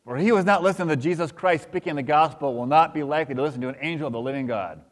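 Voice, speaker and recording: A man's voice: on the high side, racing, close to an everyday voice. A man reading the lines of a stern angel of judgment who scolds in solemn, archaic speech. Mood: rebuking. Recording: long hall reverb.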